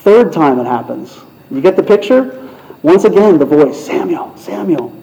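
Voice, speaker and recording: A pastor giving a sermon, retelling a story in a conversational way. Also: male voice, fairly high pitch, sing-song, normal speed, mellow. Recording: muffled lo-fi sound.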